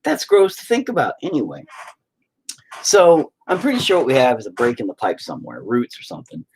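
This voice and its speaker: A man's voice: medium pitch, huge pitch swings, fairly quick, a little mellow, a little hiss or hum. A man, a father, ranting profanely and rambling on a casual live stream, slipping into mock voices. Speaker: livestreamer and father.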